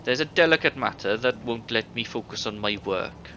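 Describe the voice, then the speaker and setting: A man's voice: mid-range voice, lively intonation, moderate pace, pushed and bright. A man voicing a tired, short-tempered villager in a video game. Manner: weary, slightly irritable. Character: harried male villager, short-tempered brother. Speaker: game character. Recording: dull game audio with faint hiss.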